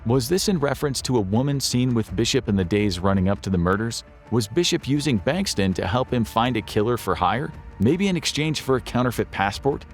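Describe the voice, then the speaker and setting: A man reading scripted documentary narration in a measured, even storytelling manner. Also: mid-range voice, faint music behind.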